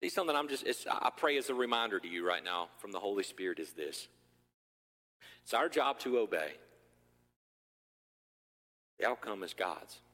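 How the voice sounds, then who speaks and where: A man preaching a sermon as pastor, animated and joking, acting out scenes from the story. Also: on the low side, normal speed, pauses often, long reverb tail.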